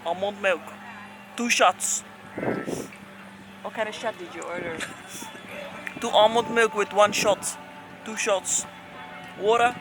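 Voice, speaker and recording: A woman's voice: mid-range voice, fairly even intonation, slow, pauses often, rough recording. A young woman with a Dutch accent, chatting casually in a travel vlog outdoors in a city, full of fillers and giggles. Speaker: vlogger. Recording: music playing over the voice.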